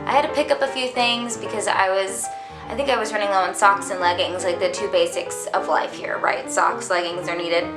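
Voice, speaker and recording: A woman's voice: mid-range voice, steady tone, a little fast. A young adult woman telling a casual storytime vlog in a dramatic, chatty way, full of "like". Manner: dramatic, chatty, heavy use of "like". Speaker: vlogger. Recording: echoey room with background music.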